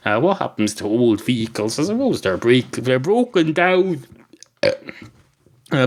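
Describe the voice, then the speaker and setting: A man hosting a podcast, talking in a meandering, dry, sweary comic monologue full of tangents and self-corrections. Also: on the high side. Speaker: podcast host.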